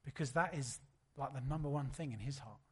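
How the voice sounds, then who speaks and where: A man, preaching a sermon in a relaxed, storytelling way. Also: mid-range voice, brisk, breathy edge. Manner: conversational, anecdotal preaching. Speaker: pastor.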